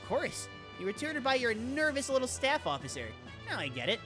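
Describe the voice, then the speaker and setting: Woman plays a playful game warrior, teasing and breezy, lots of pitch movement. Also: big pitch swings, a little fast, over music. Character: cheeky young male beast-warrior, playful and teasing.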